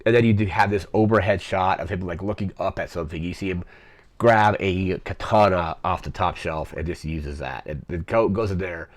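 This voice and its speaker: A young man hosts a podcast and recaps a film in a loose, rambling way, leaning on fillers as he talks. His voice sits very low. The sound is dry and close, with no room around it. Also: moderate pace, no room sound. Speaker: podcast host. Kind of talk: casual movie recap.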